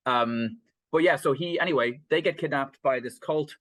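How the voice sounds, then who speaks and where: A man's voice: mid-range voice, moderate pace, fairly bright tone, no room sound. A man co-hosting a casual film podcast, rambling through plot summaries with many fillers, restarts and laughs. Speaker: podcast co-host.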